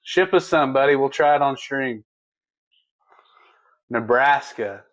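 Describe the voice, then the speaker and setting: A man's voice: mid-range voice, slow pace, fairly bright tone, no echo, poor audio. A man co-hosting a livestream, chatting casually and folksily as he reads viewer comments. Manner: laid-back, folksy, laughs easily. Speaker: livestream co-host.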